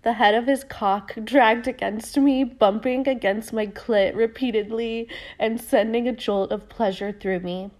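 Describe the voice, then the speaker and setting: A woman's voice: fairly high pitch, steady tone, unhurried, a little mellow. A woman podcast host reading a book aloud in a chatty, giggly way and adding casual comments. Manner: giggly, chatty, lots of fillers.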